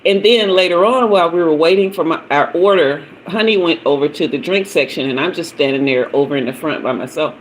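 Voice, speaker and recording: A woman's voice: deep voice, brisk, hardly any pauses, slight background noise, rough recording. Chatty middle-aged woman, laughing. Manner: chatty storyteller, laughs often, greets commenters by name. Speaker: tarot reader hosting a livestream. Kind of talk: casual live-stream chat.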